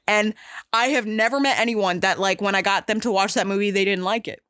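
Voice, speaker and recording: A woman's voice: mid-range voice, a little fast, fairly bright tone, smooth, no room sound, studio quality. A woman hosting a podcast in casual chat, talking emphatically and gushingly with many fillers and restarts. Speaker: podcast host.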